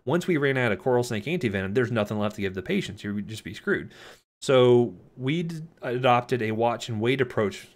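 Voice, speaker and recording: A man's voice: medium pitch, lively intonation, fairly quick. A middle-aged man from Florida, giving a casual, anecdote-filled pharmacology lecture full of fillers. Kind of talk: recorded lecture.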